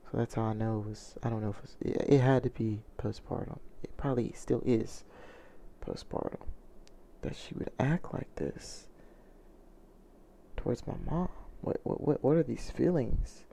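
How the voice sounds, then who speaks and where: Gravelly-voiced man telling a personal story. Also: on the low side, fairly even intonation, dark tone, slight background noise. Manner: earnest and reflective, with halting restarts. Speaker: vlogger.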